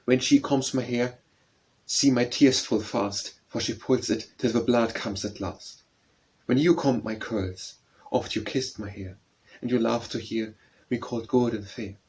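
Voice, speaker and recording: A sorrowful little boy begs his lost mother to come back, in a raised and plaintive storybook voice, as a man narrator puts him on. The delivery is slow and deliberate, and the voice carries a husky grain. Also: medium pitch, a little mellow. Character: little grieving orphan boy, pleading.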